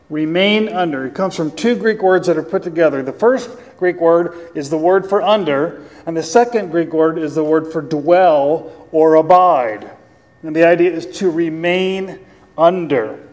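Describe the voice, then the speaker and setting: A man preaching a sermon as pastor, teaching earnestly with pauses and repeated phrases, and slowing down to read scripture aloud. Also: sits high, a little mellow. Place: church. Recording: long hall reverb.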